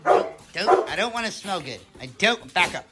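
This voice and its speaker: A man voicing his male pet dog, wheedling to be let past and then squealing in panic, with loud barking behind. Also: sits high, animated, moderate pace, heavy background noise, pitched above the performer's own voice. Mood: panicky.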